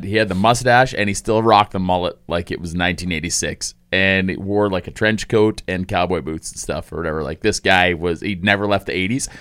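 A low-voiced man spins a funny story in a relaxed podcast chat, laughing as he goes and swearing casually. The sound is dry and close, with no room around it. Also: dry recording. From Saskatchewan, Canada. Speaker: podcast guest, comedian.

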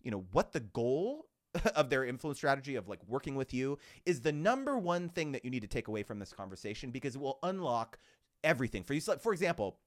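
A man talking as a podcast guest in casual conversation, animated and acting out quoted dialogue with lots of fillers. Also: mid-range voice, fast talker.

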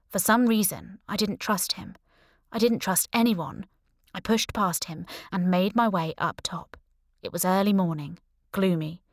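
A woman narrating a first-person audiobook with wry, deadpan humor and hushed asides. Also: on the low side, dry recording, clean studio sound.

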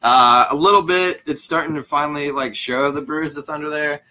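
A man's voice: on the high side, fairly even intonation, moderate pace, sharp tone. A man co-hosting a casual beer-tasting chat, easygoing and joking, swearing casually. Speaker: podcast co-host.

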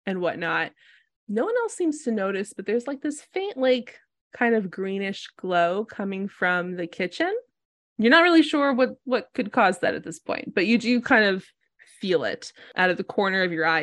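A woman's voice: medium pitch, lively intonation, moderate pace, fairly bright tone, no echo. A woman narrating a tabletop game as game master, loose and full of fillers.

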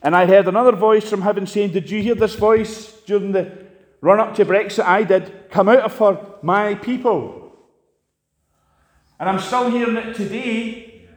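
A man preaching a sermon, impassioned, swinging sharply between loud and quiet. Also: fairly even intonation, normal speed. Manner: impassioned, rises and drops sharply in pitch and volume. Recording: long hall reverb.

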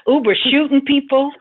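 A middle-aged woman hosting a talk show and giving casual advice in a teasing, animated way. She laughs often and acts out the voices she quotes. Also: high voice, normal speed. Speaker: radio host and spiritual advisor. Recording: tinny phone-line sound.

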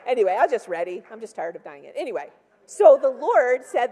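A woman's voice: a little high, sing-song, brisk, mellow, husky, in a large hall. A woman in her sixties giving a personal testimony from a church pulpit, chatty and full of "like" and acted-out quotes. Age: 60s. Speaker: church speaker. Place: large church hall.

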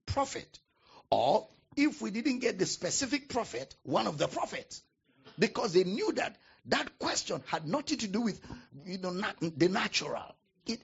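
Raspy-voiced preacher with sweeping pitch. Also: male voice, muffled recording. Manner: preaching with dramatic pauses and emphatic repetition. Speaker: pastor. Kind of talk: sermon.

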